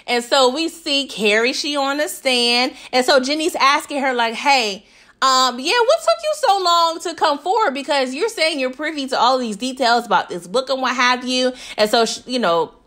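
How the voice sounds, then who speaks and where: A woman casually recapping a TV episode, chatty and animated, laughing often and talking straight to her viewers. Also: high voice, moderate pace. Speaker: TV recap vlogger.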